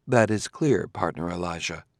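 A man voicing a calm, polite humanlike male robot who speaks in an even, formal way. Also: low voice, normal speed, no room sound, studio quality, pitched below the performer's own voice.

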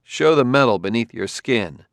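A man voicing a wary male detective who talks crisply and gives orders. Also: mid-range voice, animated, normal speed, no echo, clean studio sound, natural voice. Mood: commanding. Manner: sharp, giving crisp orders.

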